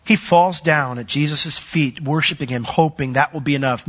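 Husky animated male preacher. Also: on the high side, normal speed, few pauses, muffled recording. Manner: animated, dramatizes the demon's voice with sudden loud swells and soft drops. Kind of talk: sermon.

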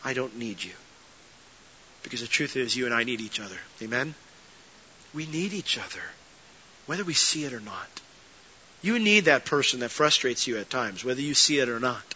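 A man pastor delivering a sermon, telling stories with lively energy and dropping to soft earnest tones. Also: medium pitch, brisk, lo-fi sound, slight background noise. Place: church sanctuary.

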